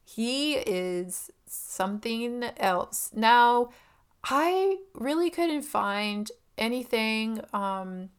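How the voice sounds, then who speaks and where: Young woman, casual film commentary, smooth clear tone, giggly and chatty. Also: a little high, expressive, extremely slow. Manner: chatty, giggly, lots of fillers and asides.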